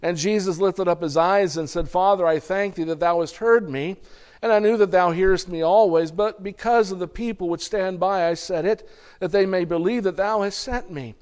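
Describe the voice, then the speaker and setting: A man preaching a sermon, reading scripture aloud and speaking to the congregation as "folks," with the odd throat-clear and restart. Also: high voice, moderate pace, a little mellow.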